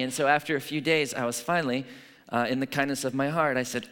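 A man's voice: medium pitch, steady tone, quick pace, fairly bright tone, clear, resonant tone. Conversational man preaching in a reverberant hall. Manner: conversational, storytelling, frequent "right?" asides. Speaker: pastor. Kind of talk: sermon.

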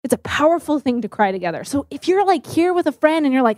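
A woman's voice: high voice, fairly quick, dry recording. Candid, chatty woman storyteller, dry sound. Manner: candid and animated, many fillers like "like" and "um". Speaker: speaker telling personal stories to an audience. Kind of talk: personal storytelling talk.

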